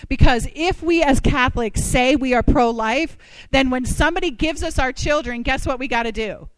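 A woman giving a personal testimony talk to a church community. She tells her story with lively asides and rhetorical questions. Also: high-pitched, moderate pace, dry recording, rough recording.

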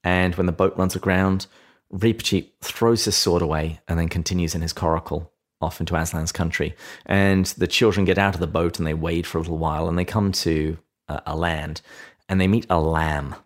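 A man's voice: low-pitched, fairly even intonation, a little fast. A man hosting a casual book discussion podcast, earnestly retelling scenes and reading passages aloud. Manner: earnest, reads quotes with gentle emphasis. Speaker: podcast host.

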